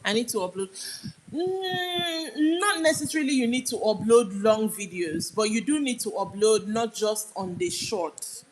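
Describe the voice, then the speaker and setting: A woman's voice: a little high, expressive, a little slow, poor audio. A young woman with a Nigerian accent hosts a casual livestream. She chats with her viewers and reads out their comments as she goes, often trailing off mid-sentence. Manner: chatty, answers comments aloud, drifts off mid-sentence. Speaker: livestream host.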